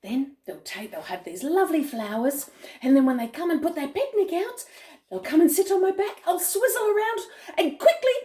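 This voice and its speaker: A woman putting on a greedy storybook crocodile, a sly male villain who gloats and whispers his plans. The voice swings between low, hushed muttering and high, gleeful squeaks. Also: very animated, moderate pace. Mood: scheming whisper.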